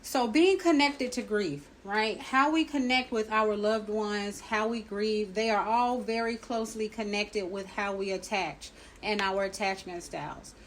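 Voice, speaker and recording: A woman's voice: medium pitch, unhurried, hardly any pauses, low-quality recording. A woman hosting a faith-based grief podcast, talking reflectively and drawing on her own life. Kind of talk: supportive faith-based counseling talk.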